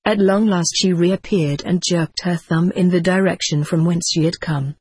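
Husky low-voiced woman narrating. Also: steady tone, moderate pace, darkish tone, dry recording. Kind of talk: audiobook narration.

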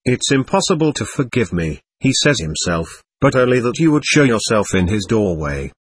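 A man's voice: medium pitch, big pitch swings, moderate pace, husky, no echo. A man reading the part of an earnest young man who pleads emphatically and insistently. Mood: pleading.

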